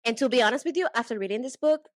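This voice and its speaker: A woman's voice: on the high side, racing, no room sound. Gushing woman podcast co-host, dry sound. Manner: gushing, excitable. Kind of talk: casual book-club chat.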